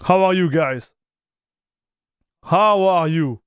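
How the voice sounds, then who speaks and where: A man's voice: high voice, slow pace, clean tone, no echo, highs cut off. A man with a French accent hosting a chatty livestream. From North America. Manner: chatty, greets viewers by name, mixes in French and Spanish phrases, laughs often. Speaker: streamer reviewing Linux gaming. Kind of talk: casual livestream chat.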